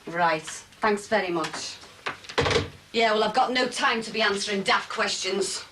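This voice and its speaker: An actress playing a sharp, nagging wife. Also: female voice, medium pitch, unhurried, very noisy, natural voice. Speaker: wife and mother. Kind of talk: soap opera acting.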